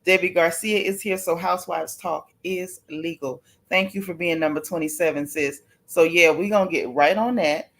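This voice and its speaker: A woman's voice: on the low side, steady tone, moderate pace, hardly any pauses, fairly bright tone. Woman host, casual livestream gossip chat, sniffly, talks right to the viewers. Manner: chatty, addresses viewers directly, apologetic. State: sneezing, sniffly from allergies.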